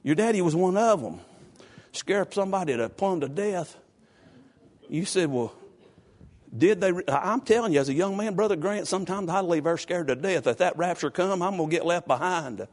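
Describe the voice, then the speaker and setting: A man preaching a fiery sermon, shouting in rising bursts and then dropping low and confiding. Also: expressive, fairly quick. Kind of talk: fiery Pentecostal-style sermon.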